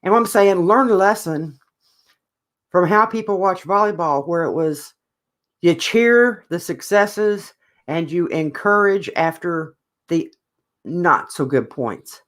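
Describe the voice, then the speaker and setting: Co-host, mid-pitched, ranting hard about sports in loose podcast chat. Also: lively intonation, takes it slowly, fairly bright tone. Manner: opinionated, ranting.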